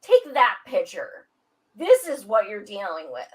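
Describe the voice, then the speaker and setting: A woman's voice: mid-range voice, wildly swooping pitch, measured pace, a little mellow, poor audio. A blunt woman who swears freely and speaks emphatically in a casual panel chat. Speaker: podcast guest.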